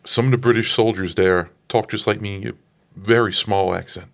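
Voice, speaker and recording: New orleans dude, lowish voice, tells stories and laughs a lot. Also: male voice, fairly even intonation, normal speed, vocal fry. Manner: anecdotal, laughs often. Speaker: podcast co-host. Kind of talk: casual film discussion.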